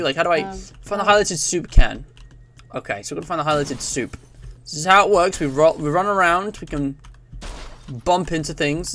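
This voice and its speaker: A man's voice: a little high, fairly bright tone, slight background noise. A man giving casual, rambling let's-play commentary, reading on-screen text aloud as he plays. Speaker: gaming YouTuber.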